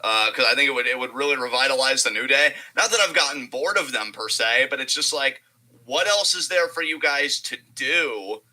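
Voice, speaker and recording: A man's voice: medium pitch, moderate pace, sharp tone, poor audio. A young man co-hosting a casual wrestling chat, talking hesitantly with lots of fillers and some swearing. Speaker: co-host.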